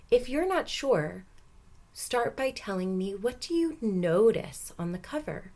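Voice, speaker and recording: A woman teacher reading a picture book aloud to young children, gentle and encouraging, stopping to ask questions. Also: on the high side, big pitch swings, a little slow.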